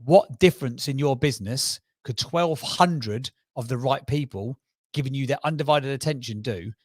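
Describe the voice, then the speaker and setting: A man with a Cockney accent talks as a podcast guest. He is emphatic and quick, stacking numbers and examples, in a mid-range voice. The sound is dry and close. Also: medium pitch, no echo. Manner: fast, emphatic, piles up figures and examples. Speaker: podcast guest, brand strategist. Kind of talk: energetic interview talk.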